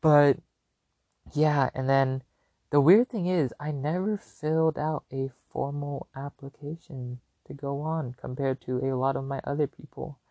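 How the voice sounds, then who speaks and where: A young man chats through a personal story on his own podcast, loose and animated, circling back with lots of fillers. His voice sits in an ordinary middle register, and the sound is dry and close with no room around it. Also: mid-range voice, unhurried, dry recording. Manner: animated, rambling, filler-heavy. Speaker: podcast host. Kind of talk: casual storytelling.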